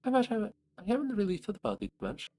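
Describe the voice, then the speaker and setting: A man putting on a squeaky tiny ant hive-mind. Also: huge pitch swings, quick pace, a little mellow, no room sound, heavily acted. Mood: chipper. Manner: squeaky, upbeat, friendly.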